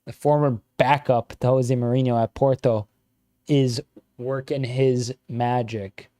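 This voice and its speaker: A man streaming live football watch-along commentary, reacting excitedly as a fan and chatting with viewers. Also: medium pitch, a little slow.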